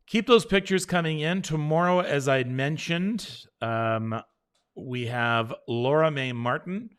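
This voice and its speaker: Reassuring middle-aged man hosting a live show. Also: mid-range voice. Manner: reassuring, encouraging, talks straight to viewers; leads a slow breathing exercise. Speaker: host. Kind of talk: live call-in style show, reading viewer comments.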